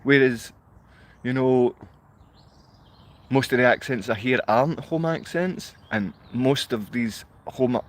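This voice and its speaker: Glaswegian guy rambling on his livestream, emotional, keeps laughing, mid pitch. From Scotland. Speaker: livestream host. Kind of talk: rambling live-stream monologue.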